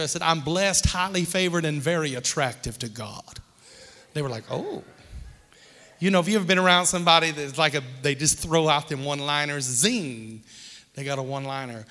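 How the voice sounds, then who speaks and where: A man's voice: on the high side, sharp tone. A man preaching a sermon as pastor to a congregation in a church. He leads call-and-response and adds joking asides. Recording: long reverb of a large hall.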